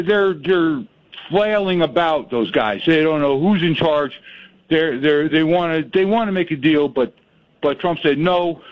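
A man's voice: on the high side, highs cut off. A male caller on a radio show who talks emphatically and restarts his sentences often. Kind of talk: call-in radio talk.

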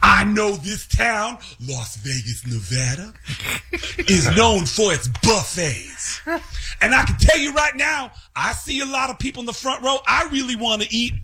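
A man impersonating a showy male rock frontman, booming drawn-out announcements to a stage crowd. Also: sing-song, pushed and bright, a little hiss or hum, full character voice. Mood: bellowing.

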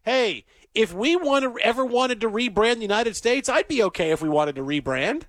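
A man hosting a sports radio show from a studio, chatting casually with lively restarts and easy laughter. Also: very high voice, moderate pace, no echo. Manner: animated, stammering restarts, laughs easily.

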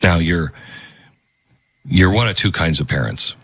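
A man's voice: low-pitched, measured pace, slight background noise. A man hosting a commentary show, talking emphatically and moralizing about a video clip he plays. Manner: emphatic, moralizing, animated delivery.

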